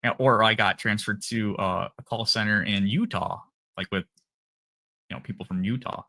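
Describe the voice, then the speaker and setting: Minnesotan man telling a story, bright voice. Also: on the low side, moderate pace. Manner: acts out phone calls with animated voice jumps. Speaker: live stream host. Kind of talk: casual storytelling.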